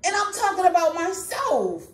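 Fervent high-voiced woman preaching. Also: big pitch swings, normal speed, roomy sound. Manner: fervent, emphatic, repetitive, laughs between points. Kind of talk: prophetic sermon.

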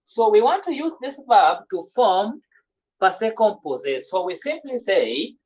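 A woman's voice: medium pitch, very animated, unhurried, darkish tone, breathy edge. A woman teaching a French grammar lesson in an online class, often repeating and restarting her words. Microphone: video call. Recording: dull lo-fi video call audio.

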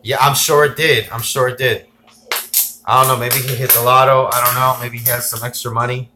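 A man hosting a casual tech livestream. He rambles excitedly, reads viewer comments aloud and gives shout-outs. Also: mid-range voice, fairly quick, over music.

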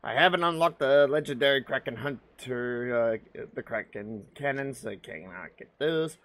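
A man's voice: medium pitch, moderate pace, a bit bright, no echo. A man casually commenting on his own gameplay while streaming, thinking aloud and poking fun at himself. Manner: chatty, thinks aloud, self-mocking. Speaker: game streamer.

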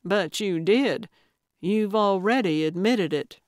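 A woman narrator voicing a blunt, coaxing elderly woman amateur detective in an audiobook, speaking louder and more briskly than her narration. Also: mid-range voice, dry recording, clean studio sound, lightly acted.

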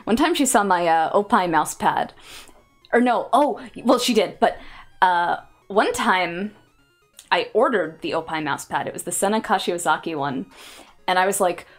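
A woman's voice: on the low side, animated, normal speed, faint music behind. A young adult woman streaming casual chat, sarcastic and rambling, laughing between jokes. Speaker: VTuber streamer.

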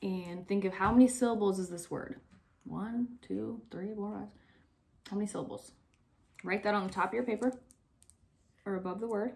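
A young woman teacher giving slow, clear, step-by-step instructions in a phonics lesson for young children. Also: mid-range voice, fairly even intonation, darkish tone.

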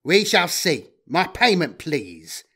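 A man's voice: a little high, sing-song, slow, pushed and bright, slightly rough, pitched above the performer's own voice, exaggerated voice. A man playing a greedy, sardonic human data trader in an audio story. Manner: wheedling, sardonic.

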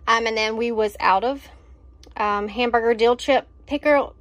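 A woman's voice: on the high side, a little slow, dry recording. A woman, chatting casually and enthusiastically about her groceries, with lots of fillers. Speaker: vlogger showing a grocery haul. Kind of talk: casual chat.

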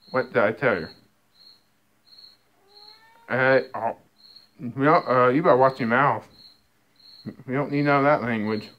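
A man's voice: mid-range voice, takes it slowly, pauses often, dull audio. Man scolding his cats, stammering. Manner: scolding, teasing, stammering restarts. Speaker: cat owner talking to his cats. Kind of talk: casual talk to pets.

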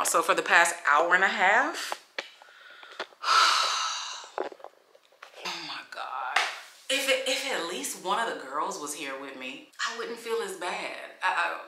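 A woman's voice: on the low side, bright, forceful tone, slight background noise. A young woman vlogging to camera in a hotel room, venting and emotional, holding back tears. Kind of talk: casual vlog talk to camera. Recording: echoey room.

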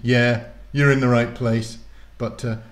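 A man's voice: mid-range voice, level tone, unhurried, a little hiss or hum, close to an everyday voice. A man voicing a nervous, chatty young girl, who rambles on when scared. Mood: nervous, rambling.

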